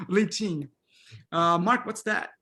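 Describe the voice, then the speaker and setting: A man's voice: high-pitched, slow pace, bright, forceful tone. A middle-aged man leading an online pronunciation workshop over a video call, calling on students and repeating words back with frequent affirmations. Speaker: workshop instructor.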